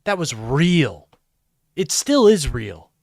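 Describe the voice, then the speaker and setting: A man's voice: a little high, very animated, takes it slowly, gravelly, dry recording, clean studio sound. A man live streaming commentary, ranting and swearing in exasperation.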